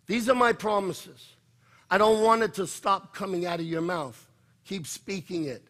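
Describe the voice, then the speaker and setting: A preacher voicing God, high and urgent. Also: male voice, unhurried, a bit bright. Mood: reassuring. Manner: urgent, insistent exhortation. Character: God, a commanding yet reassuring male divine voice.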